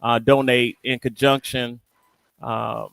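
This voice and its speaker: Smooth, dry-sounding playful male host. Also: mid-range voice, little pitch movement, slow, fairly bright tone, no echo. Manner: playful, teasing, colloquial. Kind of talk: casual radio panel talk.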